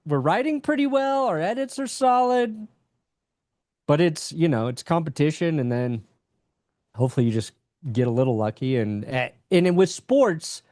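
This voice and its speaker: A man's voice: fairly high pitch, animated, moderate pace, darkish tone, no room sound, studio quality. A young man chatting casually as a podcast guest, candid and rambling, with casual swearing. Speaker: podcast guest, sports YouTuber.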